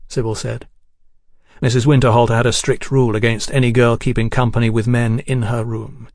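A man narrating a novel in a measured, descriptive way. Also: mid-range voice, little pitch movement, darkish tone, no echo, studio quality. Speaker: audiobook narrator. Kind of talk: scripted narration.

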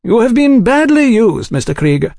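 A man doing a composed Victorian gentleman. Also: very high voice, big pitch swings, normal speed, creaky, no echo, studio quality, pitched above the performer's own voice, exaggerated voice. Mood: reserved. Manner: polite, reserved.

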